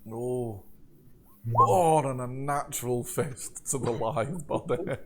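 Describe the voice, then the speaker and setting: A man's voice: mid-range voice, slow. A man running a tabletop game as game master, narrating rolls and laughing often as he goes. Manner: laughs often while narrating, relaxed and jokey.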